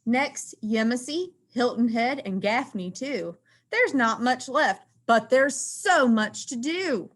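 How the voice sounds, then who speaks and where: A woman teacher reading a rhyming picture book aloud in an expressive, sing-song way. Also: on the high side, slow.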